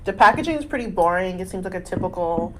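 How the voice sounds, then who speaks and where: A young woman co-hosting a podcast, chatting casually with loud, crude jokes and frequent laughter. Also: on the low side, animated, fast, slight background noise. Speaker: podcast co-host. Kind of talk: casual chat.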